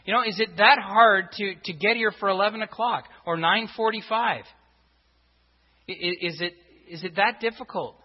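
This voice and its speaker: A man preaching a sermon to his congregation, driving his points home with repeated rhetorical questions. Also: high-pitched. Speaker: pastor. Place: church sanctuary. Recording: dull reverberant church recording.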